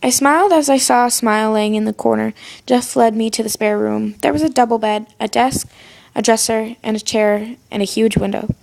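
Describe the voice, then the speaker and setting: A woman reading her fan fiction aloud in first person, plain and unhurried. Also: fairly high pitch, fairly even intonation, creaky, darkish tone. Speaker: story reader.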